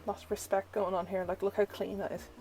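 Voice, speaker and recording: A woman's voice: mid-range voice, little pitch movement, brisk, darkish tone, faint music behind, poor audio. A young woman tarot reader, chatting through a first look at an oracle deck and filling her talk with "like". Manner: chatty, uses "like" a lot; gushing, easily delighted.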